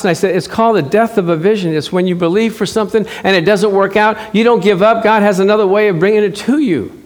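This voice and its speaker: High-voiced man preaching a sermon. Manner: conversational preaching, slows to stress scripture; animated, acts out short dialogues. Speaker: pastor.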